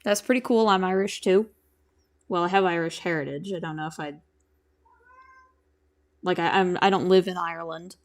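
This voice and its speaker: A woman's voice: fairly low pitch, steady tone, normal speed, long pauses. A young woman streaming from home, chatting casually and rambling as she answers her chat while she draws. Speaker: streamer and animator.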